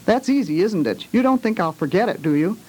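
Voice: mid-range voice, lively intonation, fairly quick, mellow, breathy edge, rough recording. Reader putting on a worried little boy. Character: anxious little boy about to recite.

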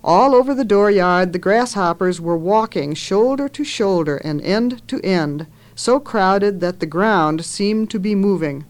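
Woman reading a story aloud, expressive. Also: medium pitch. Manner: measured, expressive reading with lifted voices for characters.

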